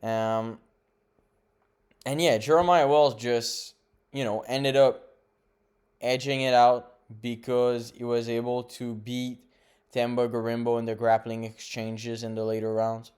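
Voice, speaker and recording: Young male host, clear smooth voice, rambling casual recap with blunt takes. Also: medium pitch, little pitch movement, a little slow, darkish tone. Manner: rambling, self-correcting, blunt opinions. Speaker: MMA podcast host. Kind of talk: casual fight recap monologue.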